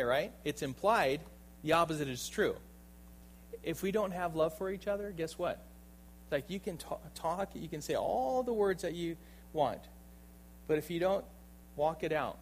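A fairly high-voiced man preaches with emphatic conviction, asking rhetorical questions and checking in with "right?". His delivery swings from loud, driving bursts down to quiet, low asides. A faint hum sits behind him. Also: rough recording. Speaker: pastor. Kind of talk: sermon.

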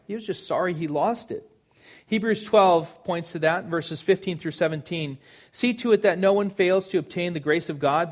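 A man preaching a sermon, earnest and emphatic, repeating phrases for stress. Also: fairly high pitch.

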